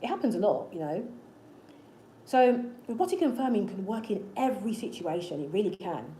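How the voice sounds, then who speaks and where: A woman hosting her own manifestation channel gives a casual motivational talk to camera, coaching viewers earnestly with repetitive encouragement. Her mid-range, mellow voice swings widely in pitch at normal speed, recorded in an echoey room with faint ambience and slight background noise.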